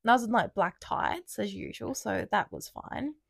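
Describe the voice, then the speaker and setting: A woman's voice: mid-range voice, lively intonation, moderate pace, vocal fry, crowd noise. A young woman co-hosting a podcast, chatting casually, swearing often and laughing through her own stories. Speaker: podcast co-host. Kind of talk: casual chat.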